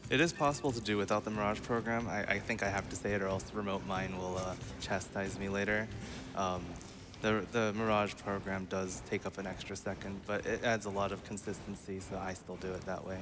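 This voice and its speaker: A man's voice: low voice, fairly even intonation, brisk, background noise. A man casually commentating his own live speedrun, chatty and laughing often. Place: live marathon event stage.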